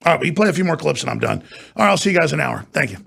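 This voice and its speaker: A man's voice: fairly high pitch, sing-song, racing, gravelly, a bit bright, breathy edge. A man hosting a talk show, ranting and mocking in an off-air political monologue from a studio.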